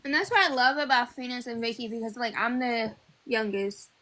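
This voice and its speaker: A woman's voice: on the high side, brisk, bright, forceful tone, rough recording. Candid young woman in her twenties. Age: 20s. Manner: candid, rambling, uses "like" a lot. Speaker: panelist. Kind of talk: casual chat on a live panel.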